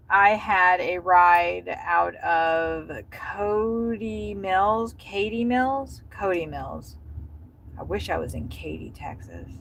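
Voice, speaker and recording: A woman's voice: mid-range voice, gravelly, low-quality recording. A woman livestreaming from behind the wheel as a delivery driver, chatting casually and rambling, with profane road-rage outbursts. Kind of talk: casual livestream chat while driving. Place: inside a car in city traffic. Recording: loud road and engine noise.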